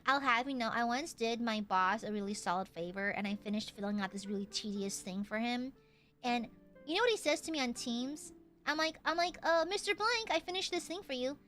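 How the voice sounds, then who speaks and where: A woman streamer chatting casually with her audience, excitable and profane, often shouting and laughing. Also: fairly high pitch, brisk, soft background music. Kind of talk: casual live-stream chat.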